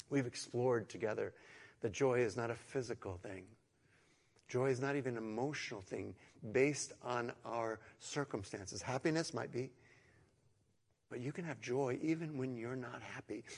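A middle-aged man preaching a sermon to an online congregation in an earnest way, moving from hushed, slow phrases to emphatic, louder ones and repeating words as he goes. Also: mid-range voice, slightly rough, big-room sound. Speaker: pastor.

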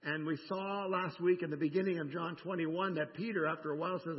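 A man pastor preaching a sermon in a conversational, animated way, often checking in with the congregation. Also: on the high side, a little fast, few pauses. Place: church sanctuary. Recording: dull sound with long church reverb.

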